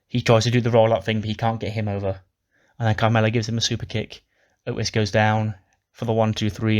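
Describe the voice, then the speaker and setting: A man casually recapping a wrestling game playthrough, swearing now and then and acting out the characters' lines. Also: lowish voice. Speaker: game commentator. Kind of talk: casual let's-play recap.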